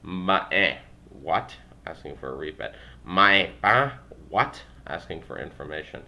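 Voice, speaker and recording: A young man with a low, bright-edged voice reads through a language textbook aloud. He stumbles and corrects himself, dropping dry little asides between phrases. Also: expressive. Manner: halting, self-correcting, wry asides. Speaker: language learner vlogger.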